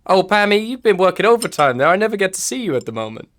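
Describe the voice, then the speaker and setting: Guy playing the girlfriend, a writer, kinda wistful and touchy, voice pushed up higher, sharp bright sound. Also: very animated, fast. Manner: plain voice with the pitch lifted, no put-on accent. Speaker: game master voicing a character. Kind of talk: tabletop role-play character voice.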